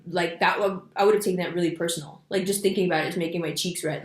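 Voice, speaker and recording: Animated woman in an echoey room. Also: mid-range voice, fast talker, hardly any pauses. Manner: animated storytelling with voiced quotes; fidgety, loose, filler-heavy. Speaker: astrology video host. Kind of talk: casual spoken monologue.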